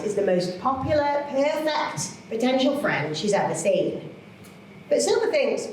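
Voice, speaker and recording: A woman, a children's author chatting to an audience in a lively, self-mocking way. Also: medium pitch, slight background noise. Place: large hall. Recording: echoey hall from far off.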